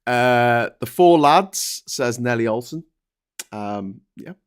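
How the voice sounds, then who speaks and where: A man's voice: medium pitch, animated, slow, smooth. Jokey man reading viewer comments. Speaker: host. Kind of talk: casual live-stream chat.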